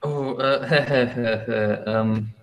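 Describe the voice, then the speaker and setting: A man's voice: mid-range voice, steady tone, extremely slow. A man with a mixed British accent, chatting casually on a video call as a guest. He rambles and laughs at himself often. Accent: mixed British English. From England.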